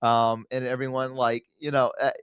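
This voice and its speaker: A man's voice: medium pitch, normal speed, clear, resonant tone, dry recording, highs cut off. A man chatting casually on a stream, telling stories and acting out the people in them. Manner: animated storytelling, acts out quotes. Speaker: guest streamer.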